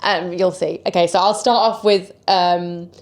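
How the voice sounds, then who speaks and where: A woman's voice: fairly low pitch, level tone, measured pace. Giggly woman hosting a podcast. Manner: giggly, laughs often between points. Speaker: podcast host. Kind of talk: casual chat.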